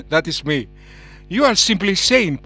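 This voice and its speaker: A man's voice: high voice, sing-song, normal speed, pushed and bright, faint music behind. A man giving heated reaction commentary on a debate clip, scornful and mocking, and laughing at his own outbursts.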